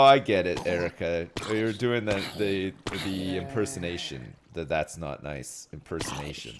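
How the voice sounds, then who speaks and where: A man streaming a game live, chatting casually with viewers, joking, swearing and telling stories with animated energy. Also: low-pitched, measured pace, few pauses, slight background noise. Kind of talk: casual live-stream chat while gaming.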